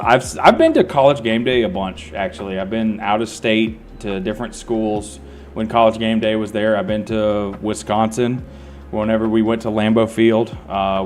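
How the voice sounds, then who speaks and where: A man's voice: on the low side, slight background noise. Laid-back, profane male streamer. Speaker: game streamer. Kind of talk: casual chat while gaming.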